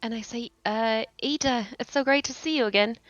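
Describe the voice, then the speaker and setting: A woman's voice: on the high side, a little fast, fairly bright tone, no room sound, highs cut off, soft background music. A woman playing a tabletop game, speaking politely and a bit hesitantly in character. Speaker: player. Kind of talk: casual tabletop play in character.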